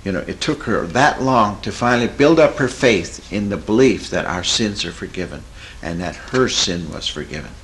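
A man's voice: on the low side, moderate pace, a little hiss or hum, low-quality recording. Folksy man telling a counseling story. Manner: folksy, earnest, animated retelling. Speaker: Christian therapist. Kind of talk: storytelling talk.

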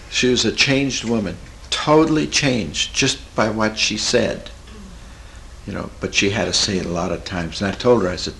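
A man's voice: fairly low pitch, normal speed, creaky, slight background noise, low-quality recording. Folksy man telling a counseling story. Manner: folksy, earnest, animated retelling. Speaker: Christian therapist. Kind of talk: storytelling talk.

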